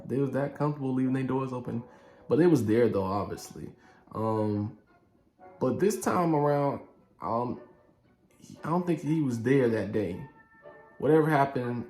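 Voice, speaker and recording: A man telling a story from his youth in a casual vlog, animated and slangy, acting out the scenes. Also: medium pitch. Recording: echoey room with faint music.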